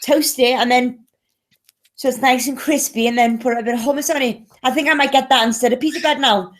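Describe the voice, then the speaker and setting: High-voiced chatty English woman. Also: steady tone, brisk. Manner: chatty, coos softly to her pet. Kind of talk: casual chat.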